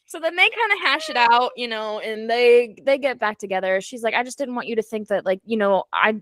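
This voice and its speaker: A woman's voice: a little high, expressive, normal speed, a bit bright, dry recording. A woman co-hosting a book club, animatedly retelling the story and acting out the characters' lines. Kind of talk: casual chat recapping a novel.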